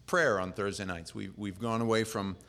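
A man preaching as a pastor, speaking in a relaxed, plain-spoken way that wanders with fillers and restarts. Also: lowish voice, moderate pace. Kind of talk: casual conversational sermon. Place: church. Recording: long reverb of a church hall.

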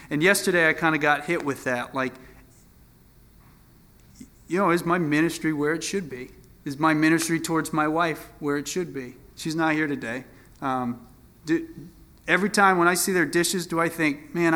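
A man's voice: a little high, bright, forceful tone. A man, a pastor, preaching a sermon in a conversational, folksy way with frequent fillers.

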